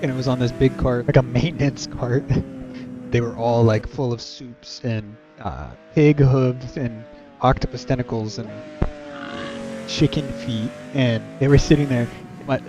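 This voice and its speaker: A young man vlogging tells a rambling personal story, clearly exasperated and full of fillers, in a medium-pitched, slightly slow voice. It plays out as a casual rant with music in the background.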